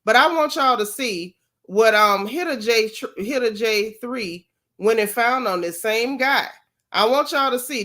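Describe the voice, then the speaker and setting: A woman's voice: on the high side, a bit bright. A woman from Florida hosting a casual gossip vlog, chatty and mocking as she comments on clips.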